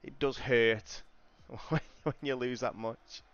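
A man's voice: medium pitch, steady tone, slow pace, fairly bright tone, highs cut off. A middle-aged man chatting casually to viewers as a sim racing streamer, laid-back and calling everyone "mate". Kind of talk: casual live-stream chat. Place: home sim racing rig.

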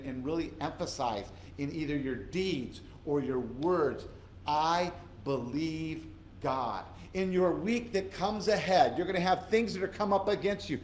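A man's voice: a little high, echoey room, slight background noise, low-quality recording. A male pastor giving a conversational, earnest sermon in a church, repeating phrases for emphasis. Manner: earnest conversational preaching with repetitions.

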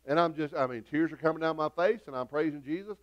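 A middle-aged man preaches to his congregation, his voice pitched a little high. He talks in a folksy, rambling way, circling back and restarting his sentences as he tells his stories. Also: fast talker, dull audio. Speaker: pastor. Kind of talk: sermon. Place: church sanctuary.

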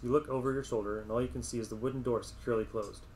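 A man's voice: medium pitch, fairly even intonation, rapid-fire, darkish tone, a little hiss or hum. Hesitant male game master, casual. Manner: casual, hesitant, many fillers. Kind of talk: narrating a tabletop adventure.

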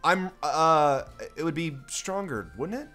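Excitable man with sudden loud bursts. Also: a little high, a little slow, soft background music. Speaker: player. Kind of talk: playing a tabletop game.

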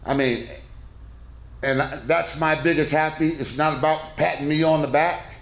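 A man's voice: on the high side, steady tone, moderate pace. A middle-aged man, a coach, telling a rambling, folksy, self-deprecating story to a men's conference in a church. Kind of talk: casual talk with a story. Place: church hall. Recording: echoey room.

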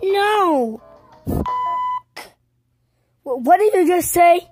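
Stern scolding father, woman voicing, high and slow, homemade comedy skit. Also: expressive, over music, heavily acted. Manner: stern, scolding, repeats orders. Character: strict churchgoing father scolding his cussing son.

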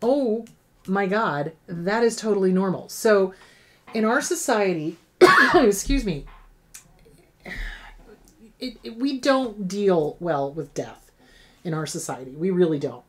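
A woman's voice: mid-range voice, slow pace, long pauses. A middle-aged woman therapist hosting an advice show, answering viewer questions in a frank, emphatic way that repeats key points.

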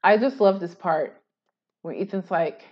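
A woman hosting a reaction video, retelling online drama with sarcastic, animated commentary. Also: fairly low pitch, unhurried, breathy edge, highs cut off.

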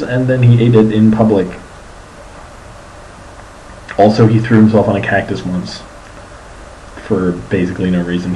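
A man's voice: fairly low pitch, dark tone, slight background noise, rough recording. A young man rambling through a casual video diary about his day as a student, full of ums and restarts. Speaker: student vlogger.

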